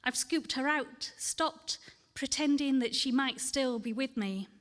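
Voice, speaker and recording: A woman reading her poems aloud and talking candidly between them at a festival event, earnest and measured. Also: sits high, fairly bright tone. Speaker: poet. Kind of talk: poetry reading with personal talk. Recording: long hall reverb.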